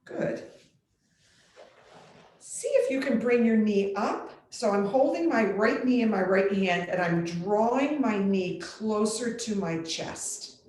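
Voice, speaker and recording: Yoga teacher lady talking people through chair poses, slow steady cues, lots of room echo. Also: mid-range voice. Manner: calm step-by-step instructions, clears throat often. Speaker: yoga instructor. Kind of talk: guided chair yoga class. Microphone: computer mic. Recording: very echoey room on a computer mic.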